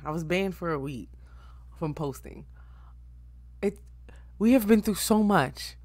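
A woman recapping an anime for her viewers in a chatty, profane way, full of fillers, swinging between loud bursts and low asides. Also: no echo. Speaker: anime reaction YouTuber.

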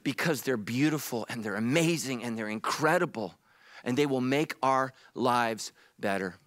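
A man's voice: mid-range voice, normal speed, fairly bright tone. A man preaching a sermon as pastor, emphatic and repetitive, mixing humor with earnest appeals. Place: church stage.

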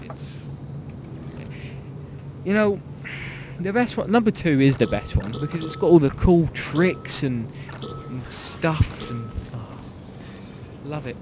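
A man's voice: a little high, expressive, slow, long pauses, over music. A young man from Ireland chatting casually while playing a game, rambling and joking, often trailing off mid-sentence. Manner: rambling, jokey, trailing off and restarting. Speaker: gaming channel host. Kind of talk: casual gameplay chat.

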